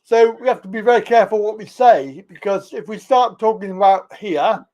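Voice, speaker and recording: A man's voice: high-pitched, normal speed, dark tone. A man with an English accent hosting a casual live stream, chatting with callers and laughing often. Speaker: livestream host.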